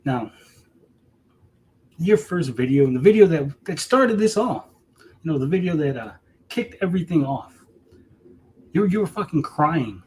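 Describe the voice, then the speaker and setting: A man's voice: fairly high pitch, animated, a little slow, pauses often, darkish tone, poor audio. A man delivering a heated, profane callout rant to camera, repeating himself and mocking his target. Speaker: streamer.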